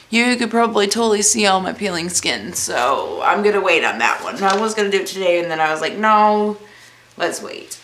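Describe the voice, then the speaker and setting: A woman's voice: on the low side, fairly bright tone, reverberant. A young woman answering viewer questions in a casual vlog, rambling and calling herself awkward. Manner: self-described awkward, rambling, laughs easily.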